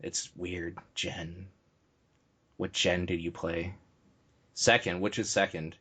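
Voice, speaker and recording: A man's voice: deep voice, flat delivery, unhurried, pushed and bright, slightly rough. A man hosting a casual podcast, blunt and joking, swearing freely. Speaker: podcast host.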